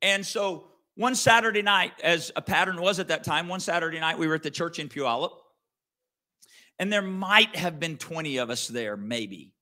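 A man's voice: fairly high pitch, normal speed, sharp tone. A middle-aged man, a pastor, telling a story in an earnest, conversational sermon with frequent restarts.

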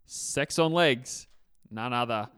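A man's voice: mid-range voice, takes it slowly, fairly bright tone, clear, resonant tone, no room sound, clean studio sound. A man co-hosting a casual sports podcast, bantering and joking with his co-host. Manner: jokey, banter-filled.

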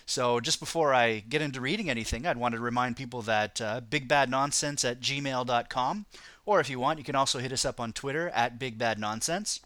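A man's voice: mid-range voice, pushed and bright, dry recording. A man co-hosting a casual podcast, opening the show with upbeat announcer-style intros and reading listener mail. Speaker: podcast co-host.

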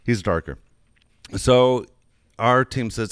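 A man's voice: low voice, expressive, unhurried, a bit bright, dry recording, studio quality. A middle-aged man telling a long coaching story in casual chat, rambling with many restarts. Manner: rambling anecdotes with frequent restarts. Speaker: youth baseball coach.

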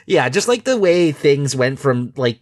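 Giggly co-host, man, animated pitch, dry close sound. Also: measured pace, dry recording. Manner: laughs often, trailing fillers. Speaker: podcast co-host. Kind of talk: casual chat.

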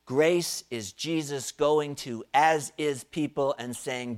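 A male pastor delivers a sermon at an unhurried, deliberate pace. He tells his story with dramatic pauses and lets his volume swell at the big moments. His pitch sits in a middle range for a man.

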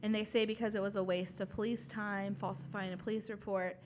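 Young woman, podcast co-host, mid pitch, blunt, indignant, faint background noise. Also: level tone, fairly quick, darkish tone. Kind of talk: casual chat.

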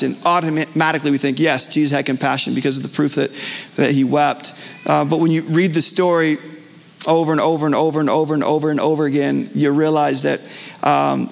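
Male pastor, live sermon, gravelly, slightly high voice, long church reverb. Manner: earnest, conversational, with frequent fillers and restarts.

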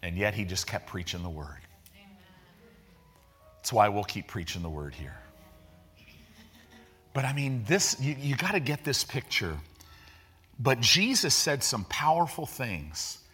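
A man's voice: fairly low pitch, very animated, measured pace, pauses often, sharp tone, breathy edge, faint music behind. A man preaching a sermon as a pastor, talking in a conversational way with slang and vivid retellings.

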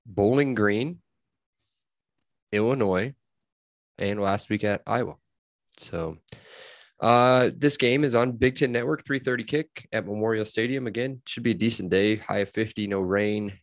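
Low guy hosting a sports pod, casual, lists stats, dry mic. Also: measured pace, pauses often, no echo. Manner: chatty, rattles off scores and stats. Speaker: podcast host. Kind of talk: casual sports podcast chat.

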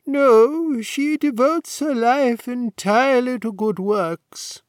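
A man's voice: very high-pitched, takes it slowly, no echo, studio quality, pitched above the performer's own voice. A man voicing an elderly male college warden, courteous, fussy and apologetic toward a young nobleman, in an audiobook reading.

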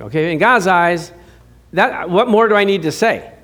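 A man's voice: high voice, animated, moderate pace, a bit bright. A middle-aged man preaching a sermon as pastor, chatty and joking with his congregation, rising to emphatic declarations.

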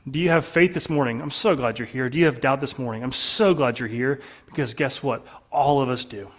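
A man preaching a sermon to his congregation in an earnest way, often dropping to a soft, low voice for emphasis. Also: brisk. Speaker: pastor.

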